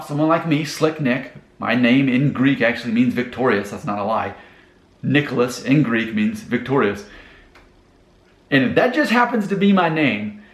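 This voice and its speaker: Earnest man giving advice, roomy echo. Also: medium pitch. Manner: earnest, repeats steps, restarts. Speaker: channel host giving advice. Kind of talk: casual advice talk to camera.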